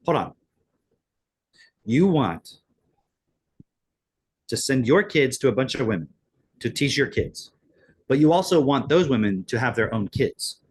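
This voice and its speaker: A man's voice: mid-range voice, sing-song, a little slow, long pauses, husky. A man co-hosting a podcast, ranting sarcastically in casual, profane chat. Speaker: podcast co-host.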